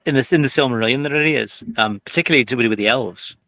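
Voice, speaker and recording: A man's voice: medium pitch, racing, fairly bright tone, dry recording. A middle-aged man from Canada on a movie podcast panel, eagerly reeling off film facts and cast names. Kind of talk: casual panel chat about movies.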